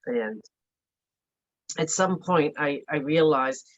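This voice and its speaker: A woman's voice: low-pitched, expressive, takes it slowly. A middle-aged woman speaking earnestly and reflectively as an interview guest, with frequent "like" fillers. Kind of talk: candid conversational interview. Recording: dull lo-fi audio.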